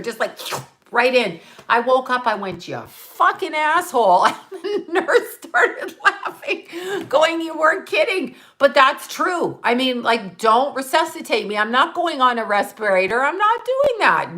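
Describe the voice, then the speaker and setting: A woman's voice: fairly high pitch, sharp tone. A woman hosting her own channel, talking in a blunt, profane, rambling way and laughing at her own jokes. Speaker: channel host. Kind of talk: casual live-stream monologue.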